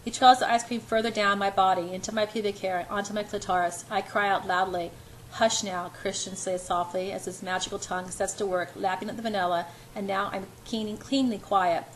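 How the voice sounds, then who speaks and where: A woman's voice: mid-range voice, fairly even intonation, fairly quick, hardly any pauses, a little hiss or hum, poor audio. A woman reading a romance novel aloud in an unpolished first-person voice. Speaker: amateur reader.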